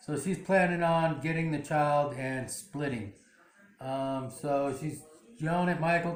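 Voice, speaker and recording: A man's voice: on the high side, measured pace, reverberant. A man hosting his own channel, casually retelling a drama episode with lots of fillers and restarts. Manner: rambling, many fillers and restarts. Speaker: channel host. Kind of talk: casual plot recap.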